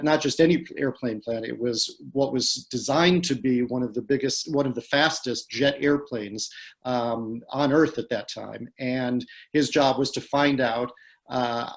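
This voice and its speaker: Man telling a story with many ums. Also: mid-range voice. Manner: hesitant, many fillers and restarts. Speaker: guest speaker. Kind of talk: storytelling talk on a video call. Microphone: video call.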